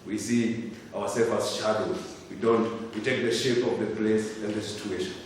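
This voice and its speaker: Man, deep voice, rhythmic impassioned chanting, distant mic, echoing hall. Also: fairly even intonation, normal speed, slight background noise. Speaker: Rastafari elder reciting a poem. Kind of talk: spoken word poetry and chanting at a gathering. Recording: echoey hall from far off.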